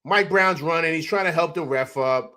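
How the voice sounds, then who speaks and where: A young adult man hosts a casual postgame livestream at a moderate pace, breaking down highlights and greeting viewers. He's excited and animated, his chatter full of fillers like "man" and "you know what I'm saying."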